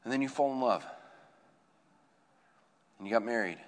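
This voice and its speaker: A man, a campus minister preaching a conversational sermon, telling stories that swing from hushed to excited. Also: mid-range voice, normal speed.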